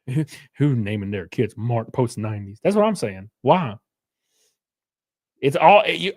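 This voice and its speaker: A man's voice: medium pitch, lively intonation, takes it slowly, long pauses, darkish tone. A man in his thirties hosting a live stream, chatting casually and joking back at his chat. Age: 30s. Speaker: livestream host.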